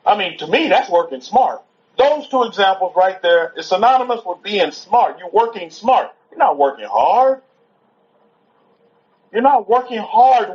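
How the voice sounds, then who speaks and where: At a Sabbath gathering, a man preaches an informal sermon that rambles and circles back on itself, in a chatty tone. His voice is high-pitched and animated, his pace moderate, and at one point he stops to calm a toddler. The audio sounds dull and lo-fi.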